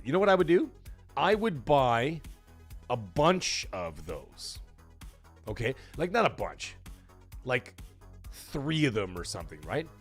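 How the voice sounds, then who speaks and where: Animated man hosting a gaming stream. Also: medium pitch, breathy edge. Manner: animated, rambling, thanks chat viewers, swears. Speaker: livestream talk show host. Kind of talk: casual live-stream chat.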